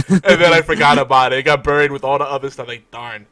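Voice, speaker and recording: A man co-hosting a podcast, talking casually and excitably, often laughing. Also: on the high side, quick pace, no echo. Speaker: podcast co-host. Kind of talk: casual chat.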